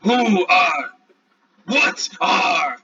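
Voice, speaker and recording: A territorial triceratops barks short, broken words at intruders, voiced by a man at a game table. The voice is pushed high and husky, with a sharp, bright edge. The audio is dull and lo-fi. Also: lively intonation, drawn-out words, full character voice. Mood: suspicious. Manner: shouted, clipped broken phrases. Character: territorial, gruff dinosaur speaking broken words.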